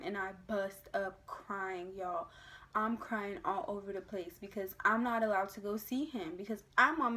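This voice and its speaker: A young woman from the United States telling a personal birth story to camera in a casual vlog, emotional and animated, acting out the voices of others. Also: medium pitch. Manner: emotional, animated retelling with acted quotes.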